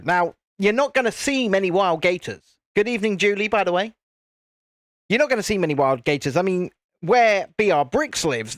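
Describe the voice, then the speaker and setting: British guy with a high voice chatting to his stream, laid back and jokey, dry sound. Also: dry recording. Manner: chatty, answers viewers, laughs often. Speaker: livestream host. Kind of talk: casual chat while building Lego.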